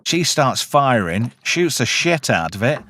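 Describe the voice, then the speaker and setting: A man's voice: medium pitch, very animated, measured pace, a bit bright, no echo, studio quality. A man hosting a casual film review, recapping scenes in a chatty, joking way.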